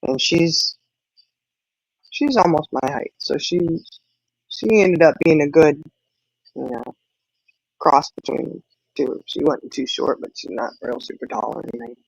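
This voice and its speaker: Gravelly woman chatting casually. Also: deep voice, measured pace, pauses often, no echo, muffled recording. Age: middle-aged. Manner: rambling storytelling with laughs. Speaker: livestream host. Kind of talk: casual chat with viewers.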